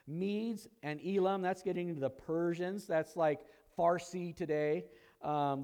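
Higher-voiced man preaching a sermon. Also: a little slow, smooth. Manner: conversational teaching with asides, rises in pitch and volume when excited. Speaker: pastor. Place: church sanctuary.

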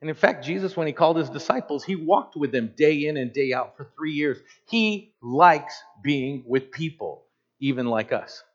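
A pastor in his fifties preaching a sermon in an animated, conversational way with joking asides. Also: a little high, normal speed. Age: 50s. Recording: slightly dull lo-fi sound.

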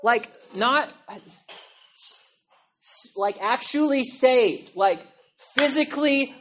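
A woman pastor preaching a sermon in a church, passionate and pleading, often shouting, with a chatty, conversational manner. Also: mid-range voice, unhurried. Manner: impassioned, yelling and pleading; conversational, with frequent "like" and "okay?".

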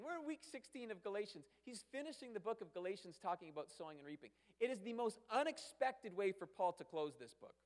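A man preaching a sermon as pastor, emphatic and fond of repeating phrases and asking rhetorical questions. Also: high-pitched. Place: church sanctuary. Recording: long hall reverb.

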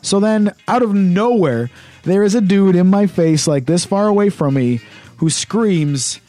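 A man casually telling a story on a podcast, animated and full of swearing. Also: sits high, a little slow, soft background music.

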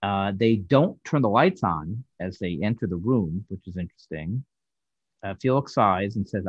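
A man's voice: on the low side, expressive, normal speed, husky, no room sound, dull audio. A man co-hosting a casual review podcast, recapping scenes in a thoughtful, hesitant way with fillers. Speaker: podcast co-host reviewing a sitcom episode.

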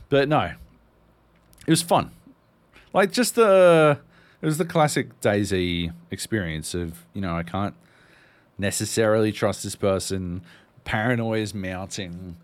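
An Australian man co-hosting a podcast, telling a rambling story full of fillers and swearing. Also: low voice. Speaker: podcast co-host. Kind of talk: casual storytelling.

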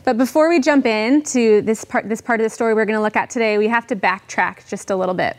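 A woman's voice: a little high, fast. A woman preaching a sermon in a conversational way, reading scripture aloud to her congregation.

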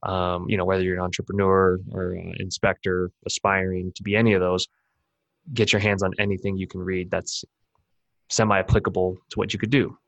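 A man hosting a podcast, talking in a relaxed, agreeable way as he chats with his guest. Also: sits low, brisk, gravelly, no room sound. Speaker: podcast host. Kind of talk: casual podcast conversation.

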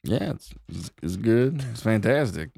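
A man narrating a tabletop role-playing game as game master, in a relaxed, joking manner. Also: lowish voice, unhurried, vocal fry, breathy edge, no room sound.

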